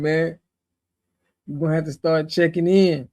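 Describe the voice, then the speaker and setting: A mellow, unhurried American man with a slightly high, level voice hosts a casual livestream. He responds to chat emphatically in slang and tends to repeat himself when fired up.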